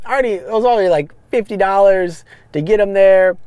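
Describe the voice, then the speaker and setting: A chatty man spins his driving stories in a loose, rambling way. He restarts sentences and piles on fillers. His voice sits a little high, and the sound is close and dry. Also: animated, moderate pace, few pauses, a little mellow, clear, resonant tone, no room sound. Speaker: podcast host, rideshare driver. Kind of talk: casual storytelling monologue. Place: parked car.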